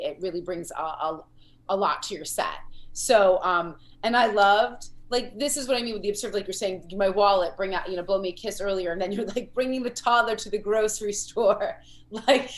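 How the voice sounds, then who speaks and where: A woman in her thirties hosting over a video call, giving a comic rambling, encouraging feedback. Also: mid-range voice. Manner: warm praise, rambling with fillers and restarts.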